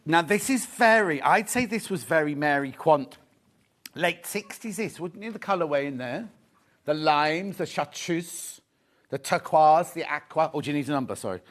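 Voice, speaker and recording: A middle-aged man hosting a live fabric sales show, chatting excitedly and teasing the crew. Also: a little high, normal speed. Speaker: shopping show host.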